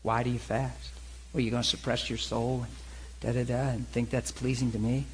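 A man preaching in an animated storytelling style, checking in with his listeners with frequent asides. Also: medium pitch, moderate pace, slight background noise, poor audio. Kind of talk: sermon-style teaching.

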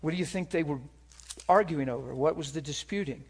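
A man preaching a sermon, moving between hushed, whispered moments and loud, impassioned stretches. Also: a little high, fairly quick, slightly rough.

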